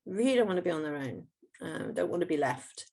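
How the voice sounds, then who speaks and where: A woman's voice: lowish voice, expressive, brisk, creaky, darkish tone, slightly rough. A middle-aged woman, a homeopath, explaining her work patiently in an interview, with many fillers and restarts.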